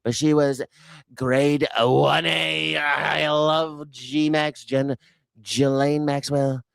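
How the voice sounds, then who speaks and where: A man doing a mocking impression of a crude, boastful older male politician, drawling slowly with a leering tone. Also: fairly high pitch, flat delivery, creaky, clear, resonant tone, no echo, pitched above the performer's own voice, heavily acted.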